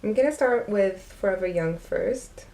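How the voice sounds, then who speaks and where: A young woman narrating a makeup tutorial, gushing and easily excited as she talks to her viewers. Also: medium pitch, moderate pace. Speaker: beauty vlogger.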